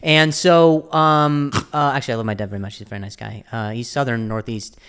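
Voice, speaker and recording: A man hosting a comedy podcast, riffing loosely with his guest. His talk is halting and full of restarts, with a mid-range pitch and a playful, easygoing flow. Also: steady tone, fairly bright tone, clear, resonant tone. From United States. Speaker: podcast host. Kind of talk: casual comedic chat.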